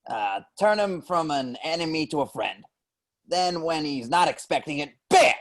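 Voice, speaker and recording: A man's voice: a little high, lively intonation, normal speed, a bit bright. A man doing a shady scheming cartoon bartender. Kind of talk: amateur table read.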